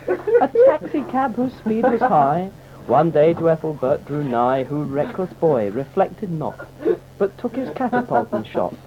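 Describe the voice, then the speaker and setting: A man reciting comic verse in a mock-solemn, theatrical way, on a dull, slightly noisy old recording. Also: on the high side.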